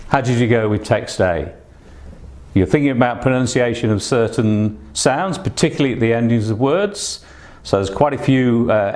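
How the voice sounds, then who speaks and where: A man's voice: medium pitch, darkish tone. Patient man teaching an online lesson. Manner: patient, instructive, many fillers. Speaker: English test teacher. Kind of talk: online exam-prep lesson.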